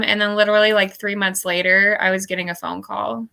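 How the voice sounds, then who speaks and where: Gravelly, bright-voiced hesitant woman. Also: mid-range voice, steady tone, fairly quick, few pauses. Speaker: client at a reading. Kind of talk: casual conversation.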